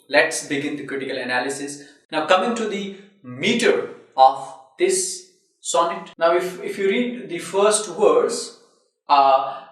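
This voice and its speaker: A man's voice: a little high, a bit bright. A man giving a recorded literature lecture, explaining step by step and breaking words into syllables, with frequent fillers. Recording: very echoey room, voice far from the mic.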